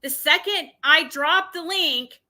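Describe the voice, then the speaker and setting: A very high, sharp voice belongs to a woman hosting a casual livestream. Combative and blunt, she swears often, and her speech halts with frequent restarts.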